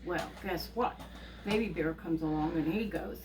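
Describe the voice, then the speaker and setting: A woman telling a fairy tale to young children, animated and asking them questions along the way. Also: lowish voice, normal speed, slight background noise. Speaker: children's storyteller. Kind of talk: reading a story to young children. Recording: distant mic with faint ambience.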